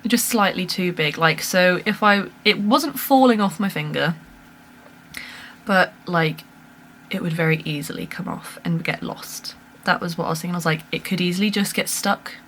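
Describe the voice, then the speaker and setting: A woman's voice: fairly low pitch, normal speed, a bit bright, a little hiss or hum. A woman chatting casually to camera at home, telling a story animatedly with laughs and fillers. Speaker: vlogger. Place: home room with a lamp.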